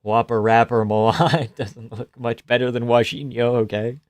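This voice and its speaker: A man giving casual live reaction commentary on a fight, joking, swearing and laughing often, and breaking into loud reactions at big shots. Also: medium pitch, steady tone, normal speed, dry recording, clean studio sound.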